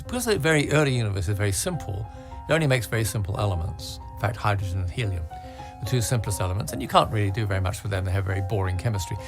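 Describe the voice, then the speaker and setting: Older Englishman explaining science, music behind. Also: on the low side. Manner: measured, storytelling explanation. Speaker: physicist and cleric. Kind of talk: recorded lecture talk.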